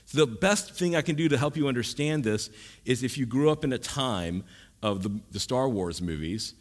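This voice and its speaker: A man's voice: mid-range voice, expressive, normal speed. A man preaching a sermon in a conversational teaching style, with jokes and asides. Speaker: pastor.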